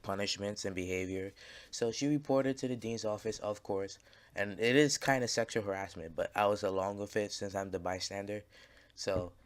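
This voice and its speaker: A man casually telling a story over gameplay, rambling and swearing, with lots of fillers and restarts. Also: on the low side. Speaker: gaming channel creator.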